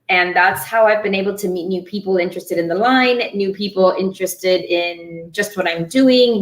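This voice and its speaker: A woman's voice: fairly low pitch, a bit bright, echoey room, rough recording. A woman company founder chatting as a guest on a live-stream interview show, in a friendly, chatty way. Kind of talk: casual interview.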